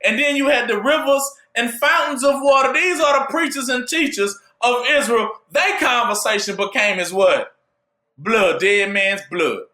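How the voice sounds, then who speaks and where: A man preaching a call-and-response sermon, asking "what?" for the listeners to fill in and rising to shouts at his peaks. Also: very high voice, normal speed, echoey room. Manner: asks "what?" for the audience to fill in.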